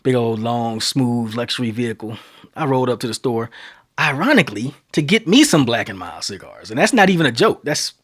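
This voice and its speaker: This podcast host, a thirties-aged man from Texas, delivers a loose storytelling monologue that meanders before returning to the point. With a typical mid-range male pitch and a fairly brisk pace, he grows louder and faster whenever the tale gets exciting.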